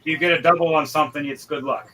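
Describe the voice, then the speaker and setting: A man's voice: on the high side, fairly even intonation, fast, pushed and bright, rough recording. A man narrating as game master of a tabletop role-playing session, in a loose, conversational way with frequent restarts.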